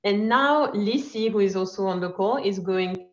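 A woman's voice: medium pitch, normal speed. A woman presenting a product update on a video call, hesitant with many fillers. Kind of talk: virtual conference update. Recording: dull lo-fi video call audio.

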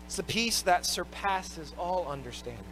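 A man's voice: high voice, animated, moderate pace, a bit bright, slight background noise, low-quality recording. A man preaching a sermon as pastor, emphatic and repeating his words as he drives home each point.

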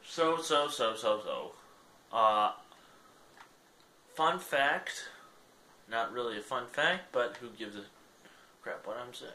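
A man's voice: medium pitch, lively intonation, takes it slowly, pauses often, sharp tone, faint music behind. A young man giving casual gameplay commentary, rambling and self-deprecating. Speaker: gaming channel host.

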